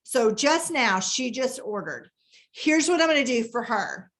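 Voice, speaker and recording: A woman's voice: a little high, unhurried. Chatty woman on a phone. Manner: chatty, animated, thinks aloud while typing. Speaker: direct sales team leader. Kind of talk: casual live training talk.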